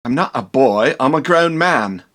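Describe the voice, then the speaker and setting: A man voicing a cheeky, bug-eyed hunchbacked servant in a low, gruff wisecracking voice. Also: expressive, a little slow, fairly bright tone.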